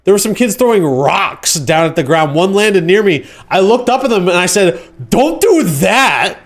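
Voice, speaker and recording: A man hosting a casual livestream, rambling and joking, acting out quoted shouts. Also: high-pitched, normal speed. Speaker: livestream host.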